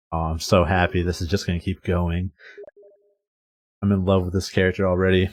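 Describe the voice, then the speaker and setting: A man's voice: low-pitched, little pitch movement, fairly quick, long pauses, a little mellow. A man streaming a story game, making crude, joking asides between lines as he reads. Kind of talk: casual gameplay commentary.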